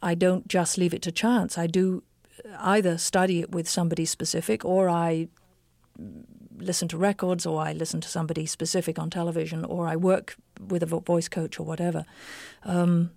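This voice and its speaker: An English stage actress answering interview questions in an articulate, emphatic, opinionated way. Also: female voice, on the low side, little pitch movement, normal speed, vocal fry, mellow, no room sound, studio quality. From England.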